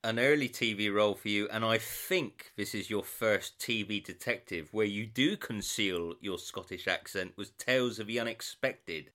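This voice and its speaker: Low-voiced male podcast host. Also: moderate pace, few pauses, sharp tone. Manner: brief encouraging responses. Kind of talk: interview questions.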